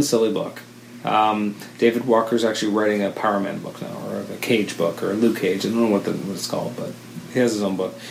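A man's voice: lowish voice, gravelly, a little hiss or hum. A man co-hosting a casual chat, rambling and correcting himself with enthusiasm. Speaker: podcast co-host. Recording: roomy echo with faint ambience.

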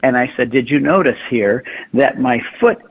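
A man with a husky, breathy voice tells stories as a radio guest, lively and full of acted-out quotes. The sound is a little dull, like a muffled radio broadcast. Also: mid-range voice, normal speed. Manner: animated storyteller, acts out quoted voices. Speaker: guest, pilgrimage leader. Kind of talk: radio interview storytelling.

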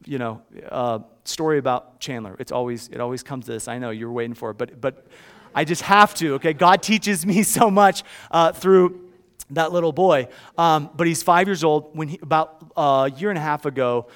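A man with a high voice delivers a sermon in a loose, conversational way. He drops to near-hushed tones when telling a story, then rises to loud, emphatic declarations. He often restarts and checks in with listeners. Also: moderate pace. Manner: conversational preaching with frequent restarts and check-ins. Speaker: pastor.

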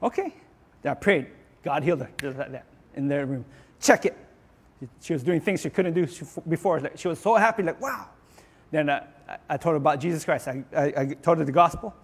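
A man preaching a sermon in an earnest way, often restarting and repeating words, and rising and getting louder on his declarations. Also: on the high side, a little fast, husky, big-room sound. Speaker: pastor.

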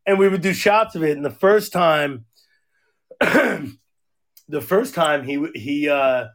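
A man's voice: a little high, expressive, slow pace. A man co-hosting a podcast in casual chat, a rambling, profane storyteller. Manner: profane, rambling storyteller, acts out quoted voices. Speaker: podcast co-host.

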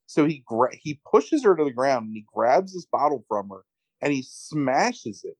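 A man casually recapping a movie plot on a podcast, swearing freely and telling it with lively energy. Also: mid-range voice, normal speed, breathy edge, dry recording, poor audio. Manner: profane, animated retelling with acted quotes. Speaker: podcast co-host.

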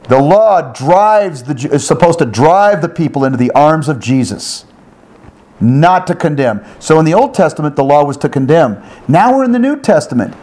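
A man teaching the Bible one-on-one in an animated way, with exclamations, rhetorical questions and repeated phrases. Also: fairly high pitch, normal speed. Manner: animated, with exclamations and sound effects.

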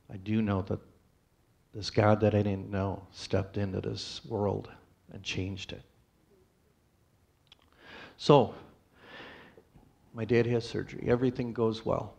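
Low gravelly man giving a testimony. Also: a little mellow, lo-fi sound. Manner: plainspoken storytelling with pauses and restarts. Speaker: church testimony speaker. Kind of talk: personal testimony to a congregation.

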